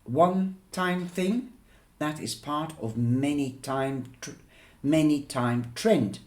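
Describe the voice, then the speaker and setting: A man's voice: medium pitch, takes it slowly, darkish tone, natural voice. Snappish teen girl, read by a man. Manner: snappish, sarcastic retorts. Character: sharp, defensive teenage girl. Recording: roomy echo.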